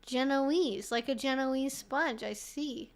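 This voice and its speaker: A woman's voice: high-pitched, takes it slowly. A woman hosting a live stream, answering viewer questions in a casual, chatty way. She swears freely, fills her talk with "like", and laughs often between remarks.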